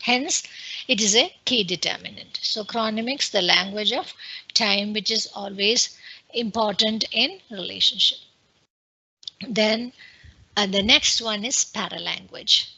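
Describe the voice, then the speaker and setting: Woman, Indian English accent, bright voice, webinar lecturer, halting explanatory delivery with fillers, computer mic. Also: medium pitch, gravelly, breathy edge, low-quality recording. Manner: explanatory, many fillers and restarts. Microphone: computer mic on a video call.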